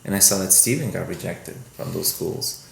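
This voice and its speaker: Low-voiced man telling stories, roomy sound. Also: moderate pace, creaky. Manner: rambling, animated, acts out quoted voices. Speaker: film producer guest. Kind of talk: casual podcast storytelling. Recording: echoey room with faint noise.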